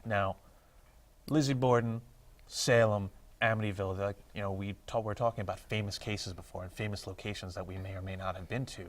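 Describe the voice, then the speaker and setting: A man's voice: lowish voice, fairly even intonation, a little fast. A man appearing as a paranormal investigator on a TV talk show, thoughtfully explaining his ideas at length. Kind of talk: casual studio chat. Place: public-access TV studio.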